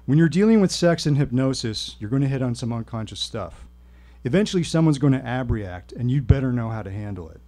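A man voicing an earnest male hypnosis teacher who speaks gravely and gives firm instructions. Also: medium pitch, lively intonation, a little fast, mellow, close to an everyday voice. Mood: commanding.

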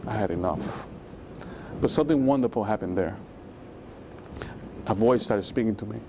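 A man's voice: lowish voice, normal speed, background noise. A man giving an emotional testimony as a guest in a religious interview, acting out the voices in his story with sudden rises. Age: 20s.

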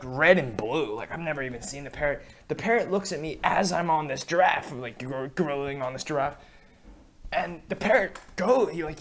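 A young man performing a comedy sketch, rambling through a story in a slangy, excitable way. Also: on the high side.

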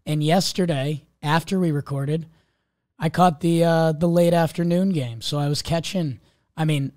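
A hoarse man who has lost his voice, hosting a casual sports podcast with a jokey manner. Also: a little high, fairly even intonation, moderate pace, a little mellow, no room sound, clean studio sound. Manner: jokey, drops into gravelly impressions. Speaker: podcast host.

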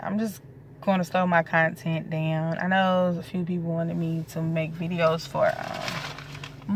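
A woman's voice: fairly low pitch, slight background noise. Chatty pregnant woman vlogging, loose and profane. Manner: loose, chatty, swears freely. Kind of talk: casual chat to camera.

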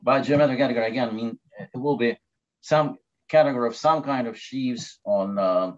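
A man giving an academic mathematics lecture, talking haltingly with many fillers and restarts. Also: mid-range voice, darkish tone. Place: lecture hall. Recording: dull lo-fi lecture recording.

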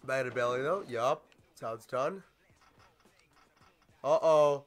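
A man commentating a wrestling video game as he plays, excitable and swearing, shouting at his opponent. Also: medium pitch, slow, slight background noise. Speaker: gaming YouTuber. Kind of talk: let's play commentary.

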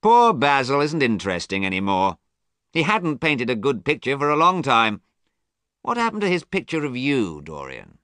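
Guy doing a cynical drawling gentleman, slow and amused, dry sound. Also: mid-range voice, huge pitch swings, no echo, pitched above the performer's own voice. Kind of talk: storybook character reading.

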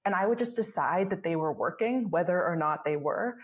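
Woman, twenties, podcast guest, lowish pitch, casual rambling storytelling. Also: lively intonation. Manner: fast storytelling with many fillers and laughs. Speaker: guest, travel blogger. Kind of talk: casual interview chat.

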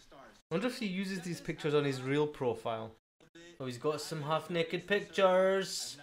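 A quippy British host talks through a reality show in a loose, excitable reaction commentary. The voice sits at a middling pitch and moves at an easy pace, full of quick asides and little laughs. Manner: chatty, quippy, excitable, laughs at own jokes.

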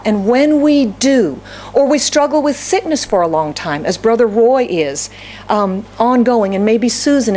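A woman's voice: on the high side, darkish tone, a little hiss or hum. A middle-aged woman pastor preaching a sermon, asking the congregation questions and acting out prayers and complaints. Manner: acts out prayers and complaints in quoted voices.

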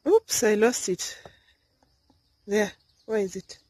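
A woman filming her vegetable garden outdoors, talking softly in a half-whisper as she narrates. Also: mid-range voice, expressive, slow pace, breathy edge, no echo. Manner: soft, half-whispered, coaxing. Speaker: gardening vlogger.

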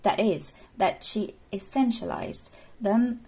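A woman's voice: medium pitch, slow pace, warm tone, breathy edge. A young woman with English as a second language presenting a scripted talk on literature, earnest and explanatory. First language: not English.

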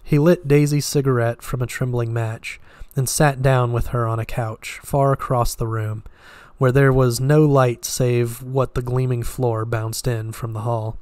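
A man reading a novel aloud in a steady, unhurried way, sometimes slipping and restarting a word. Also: mid-range voice, dry recording. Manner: steady, with occasional slips and restarts. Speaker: reader.

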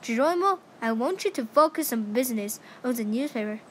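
A woman's voice: on the high side, animated, a little fast, fairly bright tone, slight background noise. A woman voicing a bossy, impatient old male mouse grandfather who thunders and scolds in a storybook reading. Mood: scolding.

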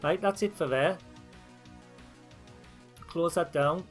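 A man's voice: fairly high pitch, slow pace, faint music behind. Chatty northeast English man. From northeast England. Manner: chatty and informal, with fillers and restarts. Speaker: YouTube channel host. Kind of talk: screen-recorded tutorial walkthrough.

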